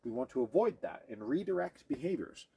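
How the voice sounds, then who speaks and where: Fairly high-pitched and very animated, this man talks briskly in a warm, gravelly, slightly rough voice. He demonstrates dog training hands-on, narrating every step for viewers and occasionally stopping to praise or coax his dog.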